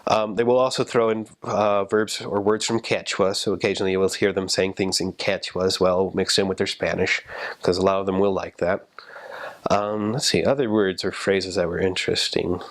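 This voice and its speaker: Low-voiced man explaining casually. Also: normal speed. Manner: relaxed, explanatory, with fillers and laughs. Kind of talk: casual chat about language.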